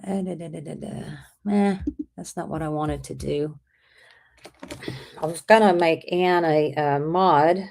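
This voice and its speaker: A woman hosting a casual livestream, chatting with viewers, with an irritated throat she keeps clearing. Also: lowish voice, lively intonation, moderate pace, mellow. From Texas. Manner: chatty, rambling, reads out viewer comments. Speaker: livestream host.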